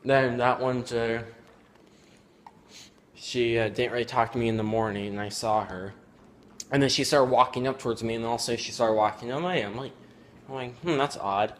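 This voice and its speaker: A man's voice: mid-range voice, fairly even intonation, a little hiss or hum. Rambling teenage boy telling a story. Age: teens. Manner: rambling, halting, many fillers. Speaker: student vlogger. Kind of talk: casual storytelling. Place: at home.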